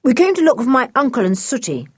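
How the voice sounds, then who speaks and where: A woman's voice: high voice, sing-song, quick pace, husky, pitched above the performer's own voice, full character voice. A woman voicing a responsible older boy who speaks firmly and earnestly in a storybook. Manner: firm, earnest. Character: responsible eldest boy, steady leader.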